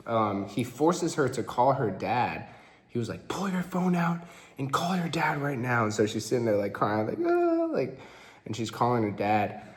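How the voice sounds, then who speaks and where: A young man in his twenties rambles through a casual vlog, full of fillers and loose asides. His voice sits a little low and relaxed. A roomy echo hangs around every line. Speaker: vlogger.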